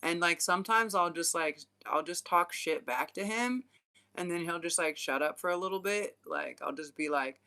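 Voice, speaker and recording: Sharp in tone, this mid-range voice moves at a moderate pace. The speaker is a young adult spiritual channeler and vlogger, rambling casually with lots of laughter and free, slangy swearing.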